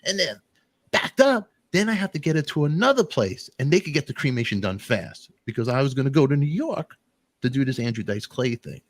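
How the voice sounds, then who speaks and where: A man hosting a talk show, telling an emotional story in a rambling, animated way with sudden jumps in pitch. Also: brisk, dry recording. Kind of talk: emotional casual monologue.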